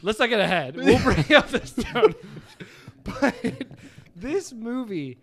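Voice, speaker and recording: A man chats casually about a movie on a podcast, laughing often as he keeps the talk moving. His voice sits high and swings widely in pitch. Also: sing-song, moderate pace. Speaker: podcast co-host.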